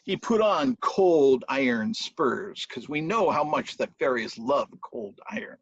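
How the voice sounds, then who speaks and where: A husky-voiced male storyteller telling a folk tale, his pitch swinging widely as he voices the footsteps and hoofbeats. The recording is dry and a little dull. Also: a little slow, dry recording. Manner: animated, with spoken sound effects.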